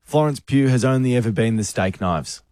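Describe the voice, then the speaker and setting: A man's voice: medium pitch, animated, a little mellow, no room sound, clean studio sound. A man, co-hosting a radio show with playful, teasing banter. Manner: playful, teasing, quick quips. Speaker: radio host. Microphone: studio microphone.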